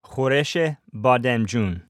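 A man's voice: mid-range voice, lively intonation, takes it slowly, dry recording, clean studio sound. A man co-hosting a language lesson, repeating words after the teacher and adding a casual comment.

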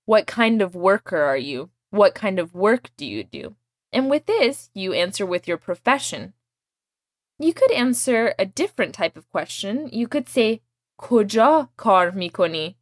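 A woman leads a language lesson, explaining each word and having her student repeat after her. Her pitch moves a lot as she talks. The recording is dry and close. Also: very animated, moderate pace, no echo. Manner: patient, explains and drills phrases. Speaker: language teacher.

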